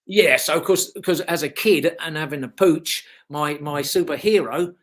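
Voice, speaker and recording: A man's voice: fairly high pitch, measured pace. A British man in his fifties, a former motocross rider, telling casual anecdotes in an interview with lots of fillers and the odd swear word. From United Kingdom. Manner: rambling storyteller, frequent fillers and swearing.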